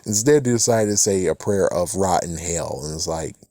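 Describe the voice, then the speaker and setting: A man's voice: deep voice, moderate pace, dark tone, dry recording, clean studio sound. A man giving a casual, rambling recap of a TV episode, swearing casually and chuckling often. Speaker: TV episode reviewer.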